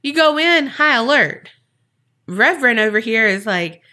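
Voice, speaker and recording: A woman's voice: fairly high pitch, animated, a little slow, sharp tone. A woman podcast host telling a story in a chatty, casual way with wry asides.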